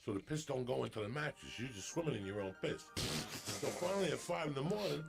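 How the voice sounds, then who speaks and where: A man in his fifties from New Jersey tells an animated, profane story as a podcast guest. He acts out the people in the story as he goes. His voice has a gravelly rasp at a middle pitch, with music playing underneath. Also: brisk. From New Jersey, USA.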